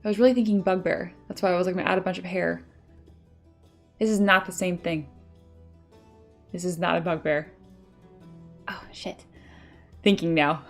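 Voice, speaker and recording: A woman's voice: on the low side, fairly even intonation, moderate pace, long pauses, faint music behind. A woman chatting casually on a live stream while she sculpts, laughing often and reading viewer comments aloud. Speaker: 3D sculptor streaming her work.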